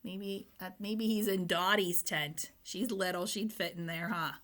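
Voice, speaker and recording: A woman teacher giving a phonics lesson to young children, reading words slowly and patiently. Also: fairly low pitch. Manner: slow, patient, reads words aloud in even steps.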